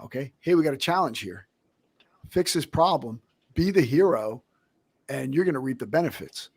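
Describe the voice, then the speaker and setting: A man's voice: mid-range voice, lively intonation, moderate pace, a little mellow, breathy edge, no echo. A man hosting a podcast, talking in an upbeat, motivational way. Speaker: host. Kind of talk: casual podcast interview.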